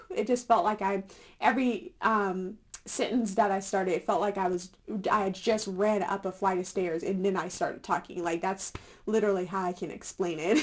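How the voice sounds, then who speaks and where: Young woman vlogger, casual and chatty, quick to laugh, mid-range voice. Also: mid-range voice. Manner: chatty, laughs often, many fillers. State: a little winded. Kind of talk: casual chat to camera.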